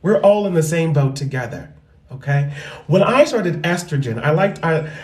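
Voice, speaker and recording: A woman comedian talking loudly and animatedly in a casual, profane monologue into a microphone. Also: sits low, big pitch swings, moderate pace. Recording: roomy echo with faint music.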